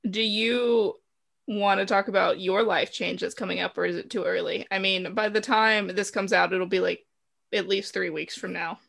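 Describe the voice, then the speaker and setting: A young woman co-hosting a podcast in casual chat, teasing and blunt with an animated delivery, recorded over a remote call. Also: mid-range voice, moderate pace, vocal fry. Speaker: podcast co-host.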